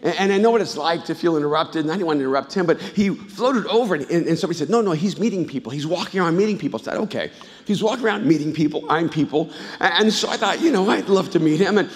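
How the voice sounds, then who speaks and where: High-voiced pastor preaching in a hall. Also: male voice, fast talker. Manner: animated storytelling, swings from hushed to loud. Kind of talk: sermon. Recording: live church hall reverb.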